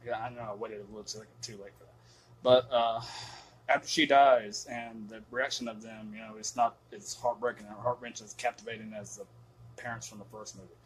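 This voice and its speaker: A man's voice: on the low side, steady tone, a little fast, a little hiss or hum, low-quality recording. A man giving a casual spoken film review, cursing often and rambling emphatically with many fillers. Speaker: movie reviewer.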